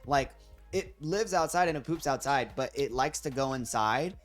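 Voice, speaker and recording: Animated, slangy man co-hosting a stream. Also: moderate pace, soft background music. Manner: animated, slangy, mimics people in high voices. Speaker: stream co-host. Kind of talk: casual stream chat reacting to videos.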